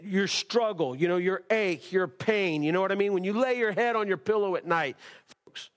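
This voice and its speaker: A man preaches to his congregation in a slightly high voice. He is impassioned, repeating himself and circling back as he builds each point. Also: moderate pace. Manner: impassioned preaching with repetitions and restarts. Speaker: pastor. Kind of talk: sermon. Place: church service.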